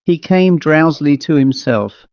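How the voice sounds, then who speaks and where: A man narrating a ghost story in a measured storytelling manner. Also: on the high side, expressive, darkish tone, no echo. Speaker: audiobook narrator. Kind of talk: scripted narration. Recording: dull lo-fi dry recording.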